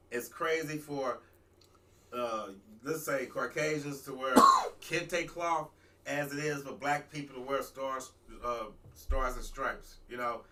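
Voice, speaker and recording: A man, a talk show host, telling a rambling, animated story in a casual talk-radio monologue. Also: medium pitch, recorded from a distance. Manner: rambling, animated, restarts and asides.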